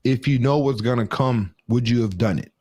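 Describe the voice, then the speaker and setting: A man with a mid-range voice speaks on a casual podcast panel, recorded dry and close. He is quick and jokey and often talks over the others. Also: mid-range voice, a little mellow, dry recording. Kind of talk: casual debate among friends.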